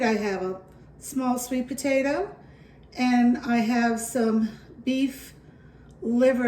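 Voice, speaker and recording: A woman's voice: on the high side, warm tone, recorded from a distance. New York woman, casual cooking demo, echoey kitchen, off-mic, faint room noise. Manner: chatty, reassuring, with fillers. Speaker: home cooking channel host.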